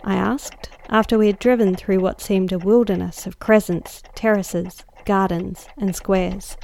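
A woman narrating a classic story aloud as guest host, measured and dryly expressive. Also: medium pitch, creaky, slight background noise. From Australia. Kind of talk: audiobook narration.

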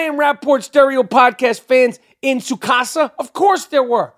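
A man's voice: extremely high pitch, normal speed, hardly any pauses, a bit bright, no room sound, studio quality. A man hosting a podcast, delivering a heated, profane, unedited rant and repeating himself as he gets worked up. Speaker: podcast host.

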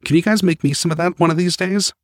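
A man's voice: high voice, fast, dry recording, studio quality, voice pushed up, close to an everyday voice. A man voicing a stammering young otter. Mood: earnest. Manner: stammering, earnest. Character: young adult male otter, awkward and earnest.

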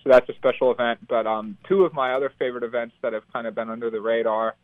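A man's voice: mid-range voice, fairly even intonation, fast talker, dry recording. An upbeat young man from the United States, a professional triathlete, answers interview questions over the phone. His voice comes through thin and tinny, as if over a phone line, and it sounds dry, with no room around it. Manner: upbeat, laughs easily.

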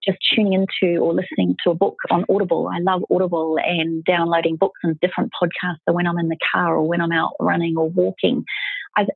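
A woman's voice: lowish voice, little pitch movement, fast, vocal fry, slightly rough, dry recording. A middle-aged woman, an author, telling stories earnestly as an interview guest, with emphatic restarts. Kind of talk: reflective storytelling in an interview. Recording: phone-like call audio.

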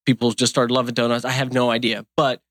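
A man's voice: mid-range voice, flat delivery, fast talker, fairly bright tone, no echo, clean studio sound. A man in his fifties who owns a donut shop, talking in a casual interview in an earnest, folksy, rambling way. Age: 50s.

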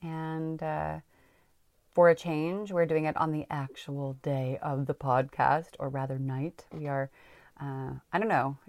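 A woman co-hosting a podcast in casual chat, talkative and laughing often, speaking in quick bursts. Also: deep voice, fairly even intonation, a little mellow, no room sound. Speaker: podcast co-host.

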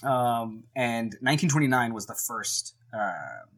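A man's voice: mid-range voice, animated, a little slow, a bit bright, slightly rough. A man co-hosting a podcast in casual chat, playfully acting out quotes from history. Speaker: podcast co-host.

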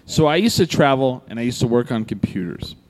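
A man's voice: medium pitch, animated, a little fast. A man telling a long story in casual chat, cursing freely and acting out both sides of a conversation. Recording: long echoey reverb.

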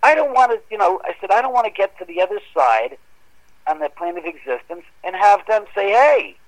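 A man's voice: brisk, rough recording. A man telling a long personal ghost story in a casual chat, acting out the voices in his quotes. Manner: animated, acts out quoted dialogue with rising pitch. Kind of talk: casual storytelling on a podcast call.

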